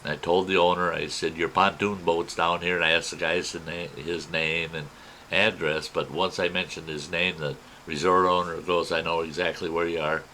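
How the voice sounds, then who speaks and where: A man's voice: low-pitched, normal speed, a little hiss or hum, low-quality recording. Folksy man telling a campfire story. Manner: folksy, animated retelling with quoted voices. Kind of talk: spoken personal story.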